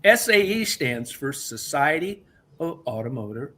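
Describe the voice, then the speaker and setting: A man's voice: fairly high pitch, very animated, unhurried, bright, forceful tone. Profane ranting man. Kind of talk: casual chat.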